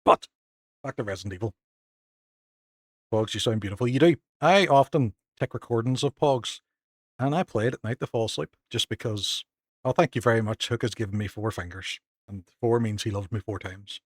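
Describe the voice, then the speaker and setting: A Northern Irish man streaming a game live, chatting casually with viewers and thanking them, excitable and self-mocking. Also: on the low side, normal speed, no echo, studio quality. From Northern Ireland.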